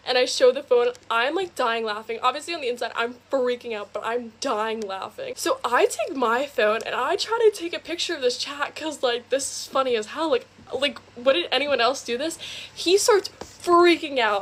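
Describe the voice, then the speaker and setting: Speaking into a phone, this young woman tells a story about herself in a fast, gossipy way, packing in "like" after "like." She has a high, expressive voice with a slightly bright quality.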